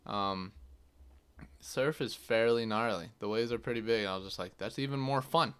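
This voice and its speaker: A man's voice: lowish voice, normal speed, fairly bright tone, smooth. A young man hosting his own podcast, telling a story in a loose, casual way, full of fillers and swearing. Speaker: podcast host.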